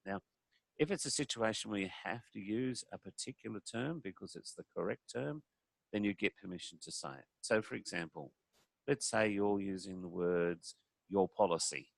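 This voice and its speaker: A man speaking on communication gives a conversational presentation, acting out sample phone calls and doing voices to illustrate his points. His voice is low and gravelly, with no echo.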